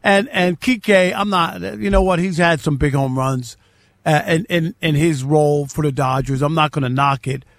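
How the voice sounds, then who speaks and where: A man's voice: fairly high pitch, normal speed. A man hosting a sports talk show, debating emphatically and repeating key phrases for stress.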